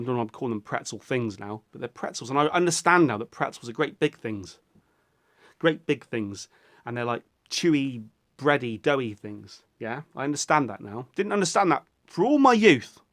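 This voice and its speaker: A man's voice: medium pitch, fairly bright tone. A man, rambling through a casual vlog in a goofy way, swearing often and breaking into silly voices. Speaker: vlogger.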